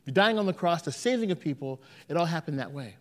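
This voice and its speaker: Animated high-voiced male pastor preaching. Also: fast talker. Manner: animated storytelling with acted-out quotes. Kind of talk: sermon. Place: church.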